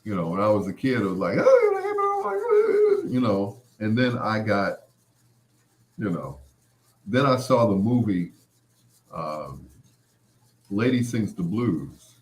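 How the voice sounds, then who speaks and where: A middle-aged man, hosting a show and telling stories in an animated way, laughing often and full of "you know" asides. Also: fairly low pitch, unhurried, pauses often. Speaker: podcast host. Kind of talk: storytelling monologue.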